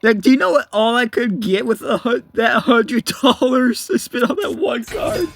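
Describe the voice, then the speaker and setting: A man with a notably high-pitched voice talks his way through a card game in loose, casual commentary. He rambles, swears freely and keeps cutting himself off to restart his sentences. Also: moderate pace, fairly bright tone, no room sound. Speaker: gaming video creator.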